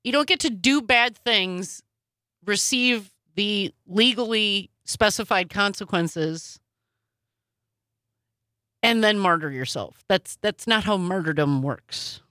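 A woman co-hosting a casual news chat, sarcastic and quick with asides. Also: medium pitch, bright, forceful tone, dry recording, studio quality. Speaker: podcast co-host.

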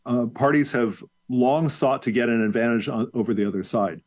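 A man's voice: mid-range voice, fairly even intonation, normal speed, darkish tone. A man who is a professor, explaining at length as a guest in an interview, fluent and lecture-like with occasional fillers.

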